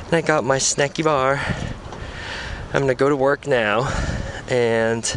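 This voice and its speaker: A man's voice: medium pitch, fairly even intonation, unhurried, background noise. A man hosting a podcast, talking casually while walking outdoors, out of breath, rambling and correcting himself. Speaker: podcast host. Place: outdoors on street, then in car. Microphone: microphone attached to a portable music player.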